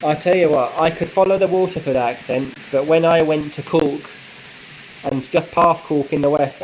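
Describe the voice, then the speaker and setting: A man hosting a casual live stream, chatting in a relaxed way and answering viewer comments with frequent light laughs. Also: a little high, a little hiss or hum, low-quality recording. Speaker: model railway channel host.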